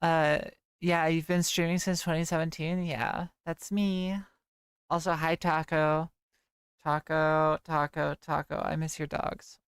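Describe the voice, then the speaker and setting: Slow-talking young woman streamer, gravelly. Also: deep voice, little pitch movement, no echo, studio quality. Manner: chatty, rambling, reads chat aloud. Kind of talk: casual livestream chat.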